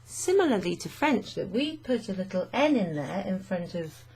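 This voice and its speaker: A woman's voice: medium pitch, very animated, moderate pace, a little mellow, breathy edge. A woman teaching French vocabulary to learners, chatty and thinking aloud with fillers and frequent little laughs.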